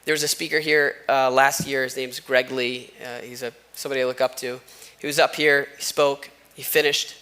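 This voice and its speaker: A man's voice: medium pitch, level tone, normal speed, bright, forceful tone. A man preaching a sermon as a church pastor, talking conversationally and telling stories with asides. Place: church sanctuary. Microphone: wireless microphone.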